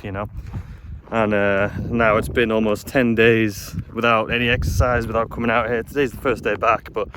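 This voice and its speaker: A man's voice: on the low side, a bit bright. Breathless man vlogging on a hike. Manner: chatty, frustrated, self-deprecating. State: slightly out of breath. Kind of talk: casual vlog narration while hiking. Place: outdoors on a windy mountain trail. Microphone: phone camera held while walking. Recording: faint wind noise outdoors. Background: wind noise.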